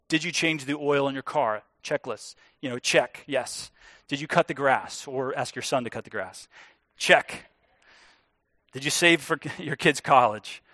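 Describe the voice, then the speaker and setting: A man preaching a sermon as pastor, earnest and emphatic, slowing down to stress key words. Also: medium pitch, fairly bright tone, dry recording, studio quality.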